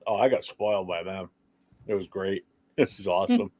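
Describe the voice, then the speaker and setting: A man's voice: low-pitched, moderate pace, dry recording. Middle-aged man, casual storyteller, swears freely, laughs often, dry close sound. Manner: laughing, profane, animated storytelling. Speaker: livestream talk show host.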